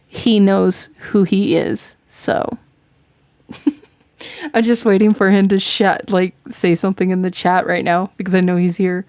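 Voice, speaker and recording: A woman's voice: medium pitch, level tone, unhurried, darkish tone, clean tone, dry recording, studio quality. A woman hosting a podcast in casual chat, giggling often and rambling as she talks. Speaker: podcast host.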